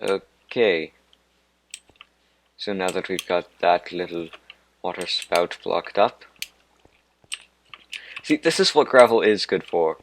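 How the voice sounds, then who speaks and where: Male let's-play host, deep and unhurried, wanders off on tangents and pokes fun at himself. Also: slight background noise. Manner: rambling, digressive and self-mocking. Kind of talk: gameplay commentary.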